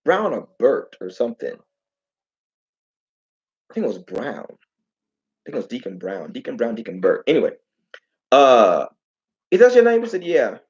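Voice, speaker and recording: A man hosting a casual livestream talk, telling stories with lots of repeated phrases and animated asides. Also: medium pitch, moderate pace, long pauses, dull audio. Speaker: host.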